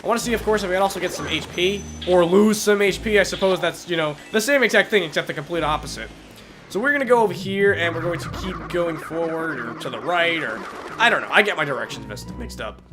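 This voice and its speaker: Excitable congested young man commentating gameplay. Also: sits high, fast, background noise. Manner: excitable, swears at enemies, jokey asides. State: congested from a cold. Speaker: let's play commentator.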